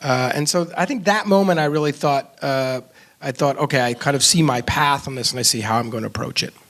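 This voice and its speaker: A man, a filmmaker, talking earnestly about his film in an onstage conversation, pausing and restarting often. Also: medium pitch, fairly bright tone. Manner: earnest, reflective, frequent restarts and fillers. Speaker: film director discussing his film. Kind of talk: onstage conversation before an audience. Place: stage at a film festival event.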